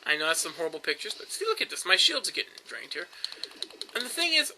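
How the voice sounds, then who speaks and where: Young male let's-play host, high bright voice, chatty and rambling, faint hiss behind. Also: big pitch swings, fast. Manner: rambling, chatty, with frequent fillers and restarts. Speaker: gameplay commentator. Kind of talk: casual let's-play commentary.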